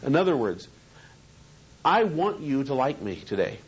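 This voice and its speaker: A man's voice: medium pitch, sing-song, a little slow, breathy edge, low-quality recording. A man teaching a seminar on hypnosis in a training room, talking conversationally and asking the group questions.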